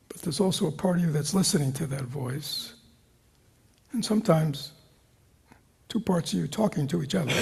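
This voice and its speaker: A man leads a dharma talk in a gravelly, rough-edged voice with a dark, mellow tone. He questions his audience constantly and slips into soft whispers. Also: fairly high pitch. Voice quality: gravelly, husky. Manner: questioning, engaging the audience with repeated "right?" and "you know"; drops into soft whispers at times. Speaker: meditation teacher. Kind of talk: dharma talk to a retreat group. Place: meditation hall with a live group.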